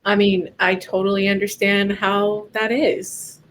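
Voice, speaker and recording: A woman's voice: medium pitch, flat delivery, measured pace, slight background noise. A woman playing a tabletop game who speaks in a laid-back, friendly way. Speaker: player. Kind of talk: casual tabletop play.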